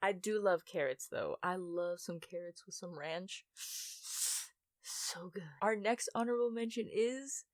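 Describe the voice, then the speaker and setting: A woman's voice: medium pitch, a little slow, dry recording, clean studio sound. A young woman from the United States telling childhood stories in a rambling, self-mocking vlog, with lots of fillers. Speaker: YouTuber. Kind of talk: casual storytime monologue.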